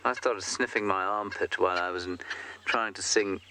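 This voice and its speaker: A man's voice: sits low, steady tone, moderate pace, sharp tone. A man guiding a live safari broadcast outdoors, chatting in a wry, joking way. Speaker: safari guide. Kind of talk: live game-drive commentary. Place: outdoors in the bush. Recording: noisy outdoor live feed.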